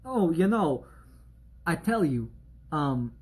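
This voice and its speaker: A man's voice: a little high, big pitch swings, slow pace, darkish tone, slightly rough, full character voice. A man voicing a brash old-time male Chicago gangster with a put-on Chicago accent and wisecracking tough-guy patter.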